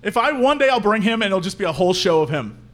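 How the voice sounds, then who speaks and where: A man co-hosting a live podcast, riffing in an animated, jokey, exaggerated way. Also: high-pitched, fast talker, noisy background. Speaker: podcast co-host. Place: live venue stage.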